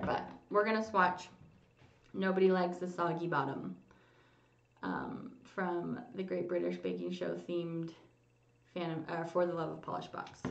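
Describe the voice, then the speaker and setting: A woman's voice: fairly low pitch, fairly bright tone, far from the mic, slight background noise. A woman hosting a casual livestream, chatting with viewers and reading their comments aloud. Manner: chatty, reads comments aloud, hums while waiting. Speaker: livestream host. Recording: lo-fi roomy home stream audio.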